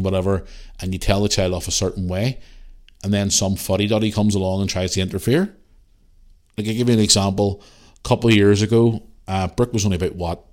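A man in his thirties hosting a casual podcast, telling a story in an animated, ranting way and swearing freely. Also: deep voice. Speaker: podcast host.

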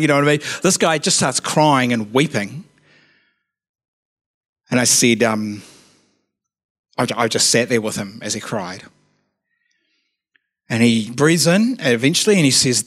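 A man's voice: medium pitch, expressive, moderate pace. A man, a youth worker telling a story in a sermon, chatty and casual, with frequent asides of "you know what I mean". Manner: drops to a quiet, earnest tone at serious moments.

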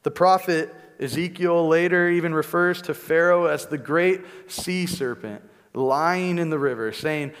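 A man's voice: fairly high pitch, a little slow, clear, resonant tone. A male preacher giving a conversational teaching sermon, often checking in with "right?" asides. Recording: long reverb in a large hall.

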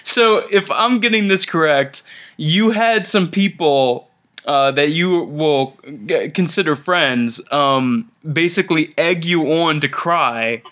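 A man hosting a casual podcast chat, rambling and joking with many halting restarts. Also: a little high, a bit bright. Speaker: podcast host. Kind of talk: casual chat over a conference call.

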